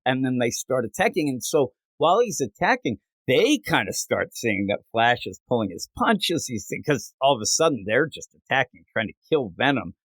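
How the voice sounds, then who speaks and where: A man hosting a comic book podcast in casual chat, animated and acting out characters in silly voices. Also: medium pitch, moderate pace, few pauses, no echo.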